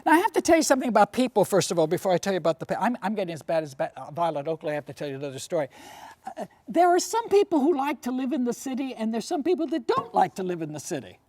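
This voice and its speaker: A woman's voice: medium pitch, big pitch swings, very fast, darkish tone. A woman lecturer and tour guide telling history as a story, posing questions to her audience and often adding "you see".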